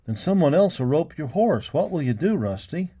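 Man doing an eager ranch boy, higher pitch, mellow, storybook western. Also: very animated, normal speed, slightly rough.

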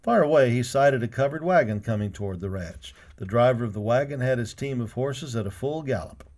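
A man's voice: medium pitch, fairly quick. A man reading a western storybook aloud, giving each character a voice of his own. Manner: lively, voicing each character. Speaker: narrator.

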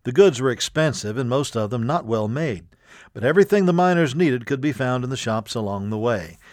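A man's voice: mid-range voice, fairly quick, no echo. Man reading a storybook, dry and close. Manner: steady, clear reading aloud. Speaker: audiobook narrator. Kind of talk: storybook narration.

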